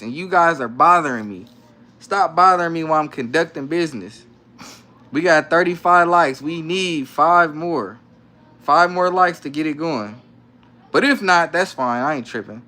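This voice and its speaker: A man's voice: fairly high pitch, pushed and bright. A young adult man casually chatting on a live stream from home, reading comments aloud with laid-back, slangy banter and frequent laughs. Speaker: livestream host. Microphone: phone.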